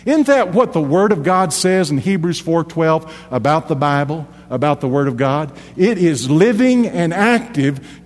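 Middle-aged pastor guy telling folksy stories in a sermon, kinda high voice, long echo like a church hall. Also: animated, measured pace, hardly any pauses. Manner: folksy storytelling preacher, rising emphatic on scripture points. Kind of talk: sermon with personal story.

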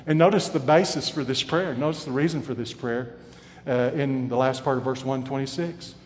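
A man preaching a sermon, his voice swinging from loud and emphatic to quiet and hushed. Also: mid-range voice, normal speed, in a large hall, a little hiss or hum.

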